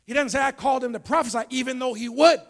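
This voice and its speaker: A man preaching a sermon as pastor to a congregation in a church, calling out to the listeners and swinging from low talk to shouting. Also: fast talker, vocal fry. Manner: call-and-response preaching, dropping low then building to shouts. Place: church sanctuary before a congregation.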